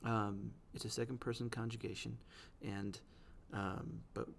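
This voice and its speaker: Gravelly-voiced man explaining poetry. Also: fairly low pitch, little pitch movement, a little hiss or hum. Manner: explanatory, reads quoted verse slowly, frequent "right?" checks. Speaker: teacher.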